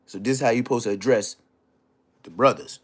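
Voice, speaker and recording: A livestreaming man rants brisk and breathy-edged at a rival, heated, taunting and profane. His delivery jumps between low growls and high yelps.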